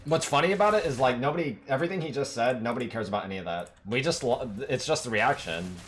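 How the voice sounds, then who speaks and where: Guy streaming a game, swears a ton, rants at chat in a middle-pitched voice, bit of faint hiss behind him. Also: expressive, quick pace, fairly bright tone. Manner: profane, emphatic rambling rant. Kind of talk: casual livestream chat.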